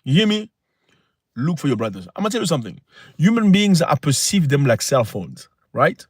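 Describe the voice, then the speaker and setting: A man talks straight to his livestream viewers in a preachy, emphatic way. His voice sits a little high. The sound is dry and close. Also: big pitch swings, brisk, slightly rough, no echo. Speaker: livestream host. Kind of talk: casual livestream monologue.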